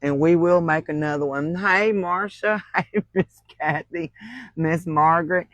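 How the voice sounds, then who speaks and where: A woman's voice: fairly low pitch, takes it slowly, long pauses, no room sound, low-quality recording. A woman, hosting a crafting livestream and telling folksy stories with frequent laughter. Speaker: crafting channel host. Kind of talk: casual livestream storytelling.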